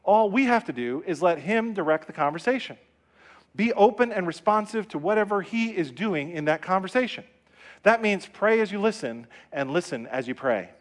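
A middle-aged male pastor delivering a sermon in a church. He speaks in a slightly high voice, stressing his points and repeating them in call-and-response. The delivery is lively and emphatic. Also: normal speed. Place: church sanctuary.

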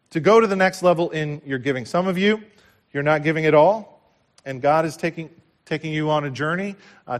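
A male pastor delivering a sermon in a slightly raised voice. He preaches with passion, rising to loud declarations and dropping to near-hushed lines. He repeats key phrases for emphasis. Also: a little high. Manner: impassioned preaching with big swings from loud to hushed.

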